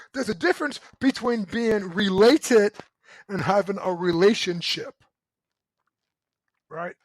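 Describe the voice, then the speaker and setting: A middle-aged man speaks in a high, ringing voice, loud and emphatic as he coaches his listeners through a motivational talk. He keeps checking in with a quick "right?", and the sound is dry and close. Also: no room sound, rough recording. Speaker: relationship coach and show host.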